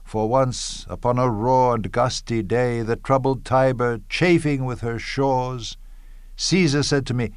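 An actor playing Cassius, a bitter, scheming Roman nobleman, reading Shakespearean verse in a measured, declamatory way with bursts of scorn. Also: mid-range voice, clear, resonant tone, no room sound, clean studio sound, natural voice. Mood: persuasive.

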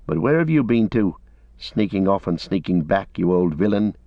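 A loyal, plain-spoken hobbit servant talks in a low, homely, earnest way, as a man reads him. The sound is dry and slightly dull, like an older audiobook recording. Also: animated, normal speed, no echo. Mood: gruff. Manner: homely, earnest, a bit gruff.

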